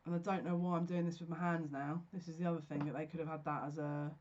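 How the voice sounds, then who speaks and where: Slow, searching psychic reader. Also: mid-range voice, flat delivery, darkish tone, highs cut off, slight background noise. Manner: slow, searching, stop-start channeling talk. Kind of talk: solo general reading to camera.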